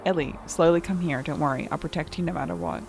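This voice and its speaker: A woman reading the lines of a frightened mother in a video game, speaking softly and shakily but with resolve. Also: deep voice, fairly quick, faint music behind. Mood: protective. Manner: soft, shaky, resolute. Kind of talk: reading game dialogue aloud.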